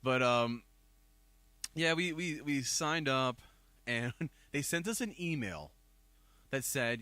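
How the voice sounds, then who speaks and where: A man with a Northeast Ohio accent, chatting casually as a podcast co-host and talking excitedly about his band. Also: mid-range voice, slow, pauses often, dry recording. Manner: animated, excitable storytelling. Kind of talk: casual chat.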